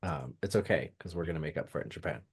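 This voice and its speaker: A man's voice: very deep voice, racing, slightly rough. A man co-hosting a podcast, chatting casually and teasing his partner in playful banter. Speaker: podcast co-host. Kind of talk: casual chat.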